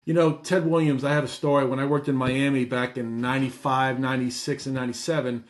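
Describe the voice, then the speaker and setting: A man's voice: mid-range voice, level tone, quick pace. Easygoing middle-aged male podcast host. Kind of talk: casual chat.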